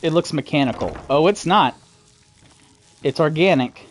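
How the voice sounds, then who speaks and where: Playing a video game, a man keeps up casual, rambling commentary aimed at his mother, cursing and laughing as he reacts. His voice is a little high with lively intonation at a normal pace, and faint music plays behind him.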